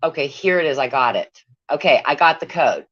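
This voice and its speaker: A woman's voice: sits low, expressive, fairly quick, dry recording. A woman on a casual livestream, profane and exasperated, muttering to herself as she goes. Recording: dull lo-fi sound.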